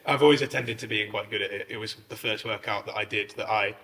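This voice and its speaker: Bright-voiced man in a reverberant room. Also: fairly low pitch, fast talker. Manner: rambling, heavy use of "like", animated when telling stories. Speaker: podcast co-host. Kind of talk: casual fitness chat. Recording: long hall reverb.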